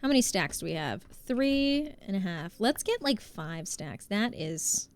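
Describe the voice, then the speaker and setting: A woman's voice: medium pitch, very animated, unhurried. A woman livestreaming a game, chatting casually, laughing often and greeting her chat. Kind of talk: casual gaming stream chat.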